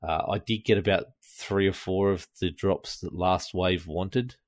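Deep-voiced man chatting about games. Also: steady tone, a little slow, no echo, studio quality. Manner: chatty, laughs often, frequent ums. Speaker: podcast co-host. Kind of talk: casual gaming chat.

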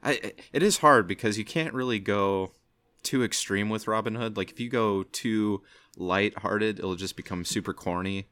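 A low-voiced man talks through a film in casual podcast chat, rambling and unsure of himself. His speech keeps trailing off and circling back. The recording is dry and close, with no room sound. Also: normal speed, fairly bright tone, no room sound. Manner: hesitant, rambling, many "I don't know"s. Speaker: podcast co-host. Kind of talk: casual movie review chat.

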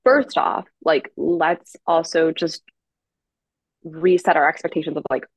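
A woman giving parenting advice in a casual podcast chat, calm and explanatory, with many "like"s. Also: low voice, measured pace, breathy edge, dry recording, rough recording. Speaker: parenting educator guest.

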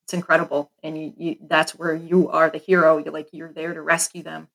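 Flat-toned measured interview host. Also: mid-range voice, creaky, low-quality recording. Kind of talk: conversational interview.

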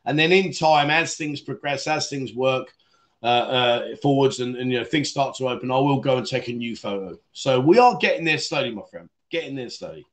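A man's voice: mid-range voice, moderate pace. A man hosting a casual livestream and reading out viewer comments, rambling, laughing often and calling viewers mate. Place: Pattaya, Thailand.

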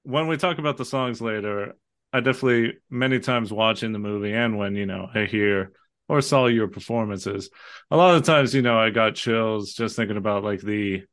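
A man's voice: on the low side, normal speed, a bit bright. A young man co-hosting a podcast, rambling thoughtfully with lots of filler phrases. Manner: rambling, many "you know" fillers. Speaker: podcast co-host. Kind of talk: casual chat.

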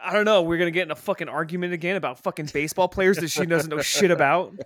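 A man's voice: fairly high pitch, fast talker, no room sound, clean studio sound. A man telling a story on a casual podcast, swearing freely and talking with energy. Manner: profane, animated storytelling. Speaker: podcast co-host. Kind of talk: casual chat.

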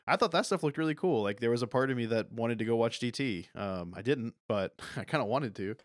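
A young adult man co-hosting a podcast, casually recapping a movie and acting out character lines with animated bursts. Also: medium pitch, a little fast, no room sound, studio quality. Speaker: podcast co-host.

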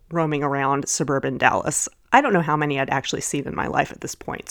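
A middle-aged woman from Texas who hosts a podcast, telling a lively personal anecdote with the odd chuckle. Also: on the low side. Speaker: podcast host.

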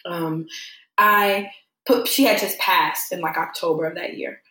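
A woman's voice: fairly low pitch, measured pace, roomy sound. A young adult woman telling a story in casual chat, acting out the voices of the people she quotes. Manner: animated, acts out quoted voices. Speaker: podcast guest.

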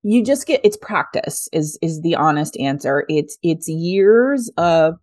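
A woman's voice: deep voice, expressive, unhurried, darkish tone, dry recording, studio quality. A woman in her thirties, a business executive answering interview questions in an earnest, reflective way with frequent laughs. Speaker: guest, revenue executive. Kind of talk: conversational interview.

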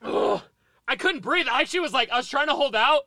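Bright, high-pitched joking man. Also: a little fast, gravelly, dry recording, clean studio sound. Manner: excitable and joking. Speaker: podcast co-host. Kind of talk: casual chat. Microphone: studio microphone.

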